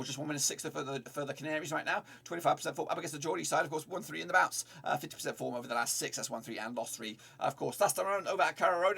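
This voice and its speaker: A man's voice: fairly high pitch, vocal fry, fairly bright tone, breathy edge. A young man hosting a football predictions vlog, rattling off stats and odds and leaning on "of course" again and again. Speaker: football prediction channel host.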